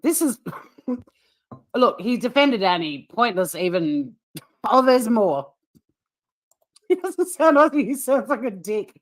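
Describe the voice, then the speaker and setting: A middle-aged woman with an Australian accent hosting a casual livestream, blunt and quick to swear, often breaking into laughter as she chats. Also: fairly high pitch, big pitch swings. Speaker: livestream host. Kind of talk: casual livestream chat reacting to a clip.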